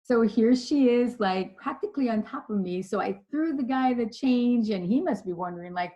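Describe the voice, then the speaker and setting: A woman's voice: a little high, moderate pace, few pauses, rough recording. Chatty woman leadership trainer telling stories. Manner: storytelling, chatty, animated retelling. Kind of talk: webinar presentation with slides.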